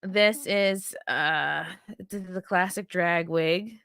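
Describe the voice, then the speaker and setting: A woman's voice: lowish voice, takes it slowly, a bit bright, clean tone, no echo, clean studio sound. A woman hosting her own show, giving blunt, profane and rambling commentary on video clips with a sarcastic edge. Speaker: host.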